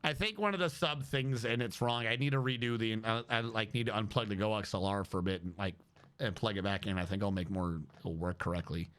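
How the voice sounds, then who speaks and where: A man's voice: on the low side, fairly quick, a bit bright. A man streaming a video game, chatting and thinking aloud as he reads the game text. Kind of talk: casual gaming commentary.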